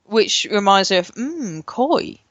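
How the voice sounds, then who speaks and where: A woman's voice: medium pitch, big pitch swings, slow, dry recording, highs cut off. A woman co-hosting a casual podcast, rambling with lots of fillers and swearing freely. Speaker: podcast co-host. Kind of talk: casual chat.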